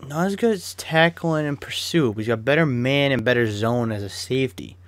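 Speaking fairly quickly at a medium pitch, this young man opens card packs in a football game and keeps up loose, talkative commentary. He's a gaming YouTuber who curses openly and erupts into abrupt rants, captured in a dry recording.

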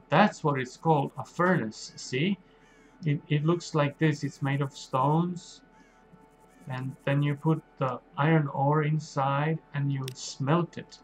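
In this low-quality recording, a slightly high-voiced man plays a video game and talks it through for small kids. As a streamer for children, he keeps a slow, simple pace and keeps asking his young audience questions in gentle narration.

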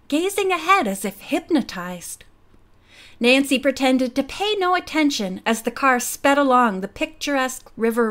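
A woman narrating a mystery audiobook in a steady, clear storytelling manner. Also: a little high.

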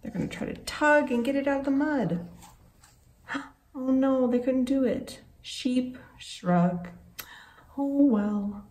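In an echoey room, picked up by a faraway mic over faint background noise, a children's librarian reads a picture book aloud. Her voice sits high and she takes it slowly. She's animated, exclaiming, gasping often, and quizzing the young listeners.

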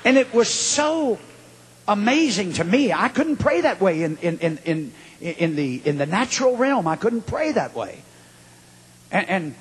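A man preaching a fiery revival sermon with a husky voice, dropping low to tell a story and rising to shouts. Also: sing-song, unhurried. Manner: swings from low storytelling to shouted high exclamations. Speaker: evangelist preacher. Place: large hall at a revival meeting. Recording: long hall reverb.

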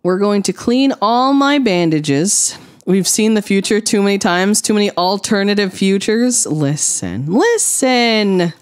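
A woman streaming a game, chatting to her viewers with rambling, deadpan jokes. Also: medium pitch, measured pace, clean tone. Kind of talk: casual gameplay commentary.

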